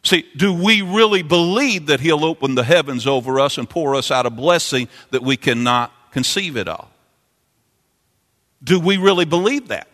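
A man preaching a sermon, impassioned and repetitive, climbing into sung, chanting peaks before dropping low. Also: lively intonation, moderate pace, a bit bright. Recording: long hall reverb.

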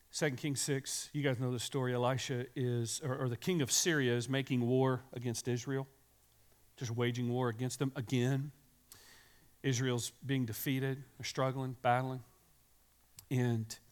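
A man preaching a sermon, retelling a story with dramatic swings from hushed, near-whispered lines to loud, fervent passages. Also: medium pitch. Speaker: pastor. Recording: music playing underneath.

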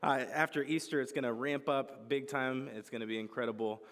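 A man's voice: mid-range voice, brisk, fairly bright tone. A young male pastor preaching a casual, joking sermon with lots of storytelling. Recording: reverberant hall.

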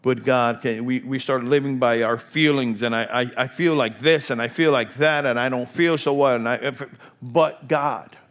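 An older man preaching a sermon, impassioned and repetitive, swinging between hushed whispers and loud, rising exclamations. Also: medium pitch, moderate pace, few pauses.

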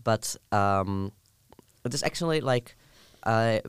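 Soft-spoken young Dutch man, clear, low-pitched. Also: expressive, slow, no room sound. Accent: southern Dutch. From southern Netherlands. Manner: explains at length with many ums and restarts. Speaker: student. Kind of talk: casual chat.

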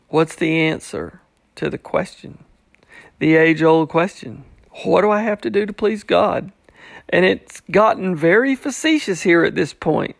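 A man's voice: sits high, creaky, no room sound, studio quality. A man teaching a Bible passage who acts out the people's questions in a mocking tone. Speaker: preacher.

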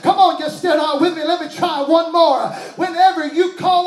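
Man, pastor, high-pitched, roomy echo, shouted call-and-response sermon. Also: steady tone, normal speed, few pauses. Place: church. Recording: echoey church hall.

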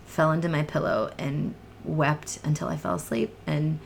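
An earnest woman shares her personal testimony as a guest in a podcast conversation, her voice low and edged with a gravelly fry. She speaks from the heart and often drops to a hushed, breathy near-whisper. A faint hiss sits under her voice. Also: fairly even intonation, normal speed.

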